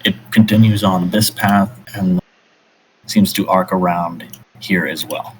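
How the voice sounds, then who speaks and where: Slow, low-voiced man running a game. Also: fairly even intonation, a little hiss or hum, rough recording. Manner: slow, halting scene narration with fillers. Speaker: game master. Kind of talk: narrating a tabletop game live.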